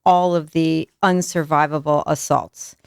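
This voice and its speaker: Female podcast host, low and smooth, emphatic and candid, dry sound. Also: steady tone, unhurried, no room sound. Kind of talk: casual interview conversation.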